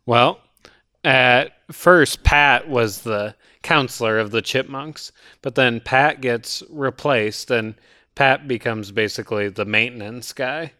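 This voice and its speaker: Bright, crisp male plot recapper. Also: mid-range voice, takes it slowly, dry recording, studio quality. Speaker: movie podcast co-host. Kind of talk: casual chat.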